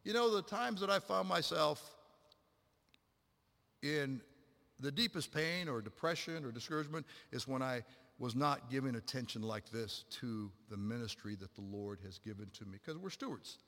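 A man's voice: medium pitch, normal speed, creaky. Middle-aged male pastor preaching in a reverberant hall. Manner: animated storytelling, acts out quotes, swings from loud to hushed. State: a little out of breath. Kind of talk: sermon.

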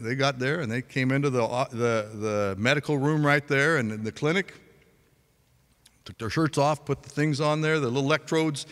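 A man's voice: medium pitch, fairly bright tone. Chuckling preacher man in a big hall. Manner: chatty storytelling, laughs a lot, frequent restarts. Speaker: pastor. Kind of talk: sermon.

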